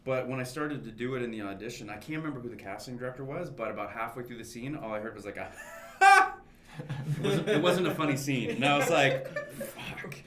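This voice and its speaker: A man, an actor, telling a lively audition story in casual chat and quoting his own thoughts. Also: medium pitch, quick pace, reverberant. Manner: animated, retells his own thoughts as quotes. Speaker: actor guest at a roundtable.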